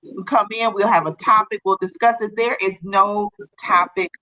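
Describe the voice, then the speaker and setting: A woman's voice: mid-range voice, steady tone, moderate pace, bright, forceful tone, highs cut off. A woman hosting a live-streamed talk show, chatting casually and encouragingly with her co-hosts and viewers.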